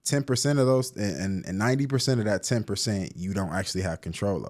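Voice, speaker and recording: A man's voice: lowish voice, quick pace, a little mellow. A man in his thirties from Cleveland, a therapist telling stories in a casual interview, slangy, with many restarts and filler words. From Cleveland, Ohio. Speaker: guest, therapist and poet.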